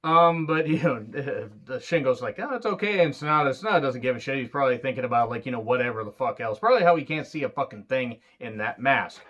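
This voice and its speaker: A man giving a casual solo wrestling review, excitable and rambling, swearing freely. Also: mid-range voice, quick pace, hardly any pauses, highs cut off.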